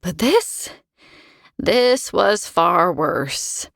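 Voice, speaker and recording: A woman narrating a first-person fantasy audiobook in a wry, expressive way. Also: on the low side, extremely slow, creaky, no room sound, studio quality.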